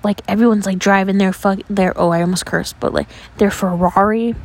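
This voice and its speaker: A young woman from New York tells stories on her podcast in a loose, chatty way. She peppers every sentence with "like" and lets the odd curse slip. Her delivery is animated and conversational. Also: medium pitch, a little fast. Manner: chatty, animated, heavy use of "like", casual swearing. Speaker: podcast host. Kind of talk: casual storytelling.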